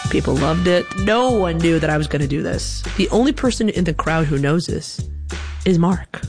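Laughing, animated woman comedian. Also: lowish voice, normal speed, music in the background. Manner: animated, laughs mid-sentence, acts out songs. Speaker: stand-up comedian. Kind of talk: stand-up storytelling.

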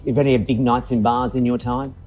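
A man hosts a relaxed interview, throwing out chatty, joking questions. His voice sits at an average pitch. Faint music runs in the background. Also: fairly quick. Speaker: interviewer host. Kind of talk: casual interview chat.

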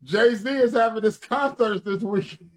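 A man co-hosting a casual podcast, excitable and quick to quote rap lyrics. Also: sits high. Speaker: co-host.

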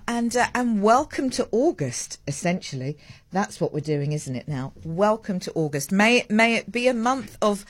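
A woman hosting breakfast radio, chatting in a lively, self-mocking way with lots of asides. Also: fairly low pitch, no echo. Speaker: radio host. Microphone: studio mic with headphones.

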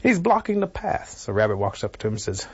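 A man telling a folk tale aloud, animated and unhurried, adding sound effects. His voice sits low with a husky grain. The recording is dull and lo-fi. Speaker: storyteller. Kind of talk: traditional oral storytelling.

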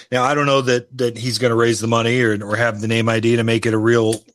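A man's voice: medium pitch, steady tone, a little fast, few pauses, fairly bright tone, no room sound. A man hosting a political interview, musing conversationally about his home state's races. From Illinois.

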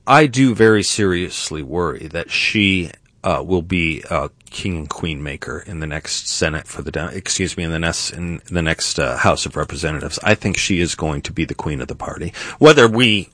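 A man co-hosting a political talk show, speaking in a deliberate, measured way and sometimes stumbling over words. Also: sits low, animated, fairly bright tone, no echo. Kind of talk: casual political discussion.

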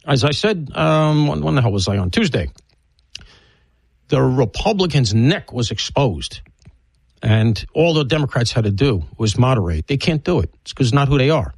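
A man's voice: medium pitch, expressive, moderate pace, vocal fry, a little mellow, husky, no echo, poor audio. A man hosting a radio talk show, rambling bluntly through an opinionated monologue and previewing guests. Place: broadcast studio.

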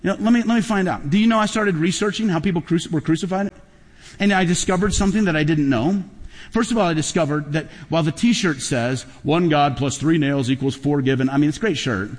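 Middle-aged pastor guy preaching, kinda high voice, big reverby church hall. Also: fast talker. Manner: storytelling, emphatic, rising to loud peaks. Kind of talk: sermon.

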